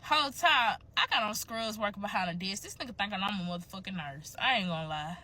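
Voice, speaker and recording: Bright-voiced young woman telling a story. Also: medium pitch, lively intonation, quick pace, a little hiss or hum. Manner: candid, profane, chatty storytelling. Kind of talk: casual storytime to viewers.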